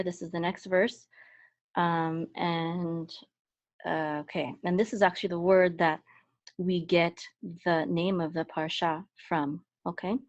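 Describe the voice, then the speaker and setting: A woman teaching a language lesson in a patient, explanatory way, pausing often with fillers and restarts. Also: on the low side, no room sound. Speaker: Hebrew and trope teacher, podcast host.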